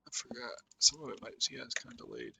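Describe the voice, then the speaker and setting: A man's voice: medium pitch, huge pitch swings, quick pace, gravelly, sharp tone, a little hiss or hum. A young man streaming a game, chatting casually with slang and frequent laughs. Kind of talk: casual gameplay chat.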